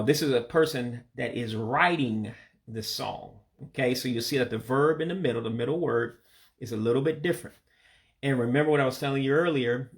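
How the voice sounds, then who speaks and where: Patient man with a gravelly voice. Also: mid-range voice. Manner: patient, repeats words slowly for practice. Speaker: language learner teaching vocabulary. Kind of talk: casual spoken language lesson.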